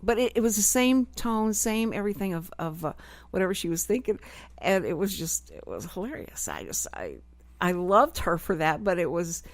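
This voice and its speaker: A woman's voice: lowish voice, no echo. A middle-aged woman hosting a radio talk show, chatting freely and expressively with no filter. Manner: expressive, no-filter talker who acts out quoted voices. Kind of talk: casual radio chat. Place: radio studio.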